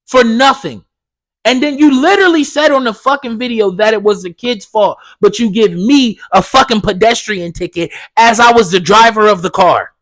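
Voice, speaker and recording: A man's voice: high voice, moderate pace, a bit bright. Heated, profane man ranting. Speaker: podcast host. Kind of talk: solo podcast rant.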